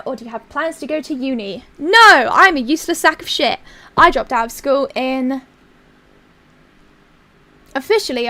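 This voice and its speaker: A woman's voice: high voice, pushed and bright. A young woman streamer with a put-on British accent, chatting casually, crude and rambling as she reads viewer messages. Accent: put-on basic British accent.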